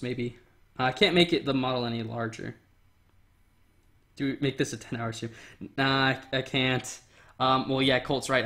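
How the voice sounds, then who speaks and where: A young man talks loosely through a livestream at his desk mic, drifting between thoughts and reading chat aloud. His speech is relaxed and rambling, full of ums and half-finished sentences. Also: medium pitch.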